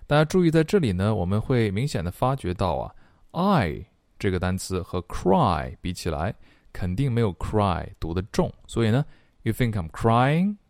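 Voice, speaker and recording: A man leads an online English lesson in a low, dark voice. He explains quickly, then repeats each phrase slowly for learners. The recording is dry and close. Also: big pitch swings, no room sound. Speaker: English pronunciation and singing teacher.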